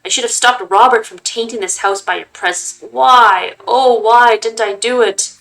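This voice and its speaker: A woman voicing a guilt-maddened old grandfather who rants and shouts at his family. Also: on the high side, moderate pace, pitched above the performer's own voice, natural voice, poor audio. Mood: raving. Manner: shouting, ranting. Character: raving old male grandfather, guilt-mad, zealous.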